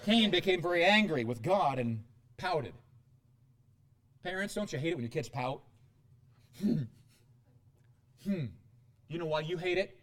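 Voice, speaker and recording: Animated, high-voiced man preaching. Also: normal speed. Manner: animated preaching with sudden loud outbursts and quiet asides. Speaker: pastor. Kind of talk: sermon.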